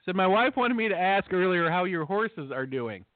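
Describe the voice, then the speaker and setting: A man's voice: high voice, lively intonation, normal speed, no room sound. A man co-hosting a podcast, trading wry, sarcastic, profane stories. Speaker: podcast co-host. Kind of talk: casual chat. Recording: tinny dry phone-like audio.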